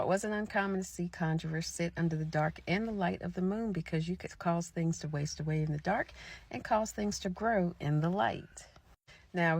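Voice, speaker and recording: A woman reading and telling old folklore in a casual, chatty way, with asides to her viewers. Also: fairly low pitch. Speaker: folklore storyteller. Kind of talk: casual storytelling narration.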